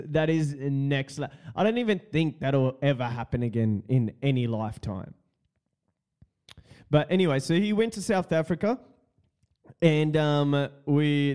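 A man hosts a casual podcast. His voice is slow, mellow and a touch high. He rambles excitably, full of slang and quick laughs. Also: smooth. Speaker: podcast host.

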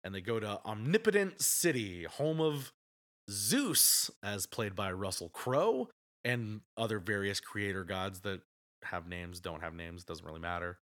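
A man's voice: on the low side, very animated, measured pace, fairly bright tone. A man co-hosting a casual movie review podcast, chatty and often laughing as he retells scenes. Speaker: podcast co-host.

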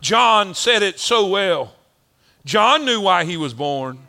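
A man's voice: sits high, big pitch swings, takes it slowly, gravelly, sharp tone. A male preacher delivering a sermon in a folksy, rhythmic style, repeating lines for emphasis. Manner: folksy, rhythmic repetition, rising and falling emphasis.

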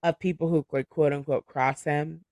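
A man with a fairly high voice hosts a relaxed book club podcast. He laughs often and strings his thoughts together with lots of "like". The sound is dry and close. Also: moderate pace, no echo. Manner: chatty, laughs often, fills with "like". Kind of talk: casual chat.

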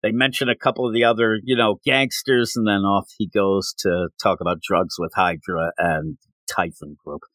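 A man co-hosting a podcast, reviewing comic books in casual chat and acting out characters' lines in quick voices. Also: lowish voice, fairly even intonation, a bit bright, no echo. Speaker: podcast co-host.

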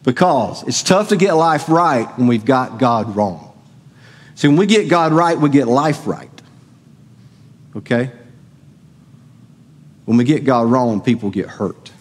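A man's voice: medium pitch, expressive, measured pace, pauses often, breathy edge. A middle-aged man preaching a sermon as pastor, conversational and asking the congregation questions. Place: church sanctuary. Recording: long hall reverb.

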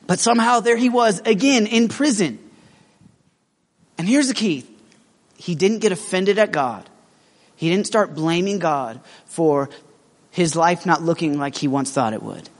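A man preaching a sermon in a casual, animated storytelling manner, acting out his characters' lines, with lots of fillers and restarts. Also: high voice, unhurried, long pauses, long reverb tail.

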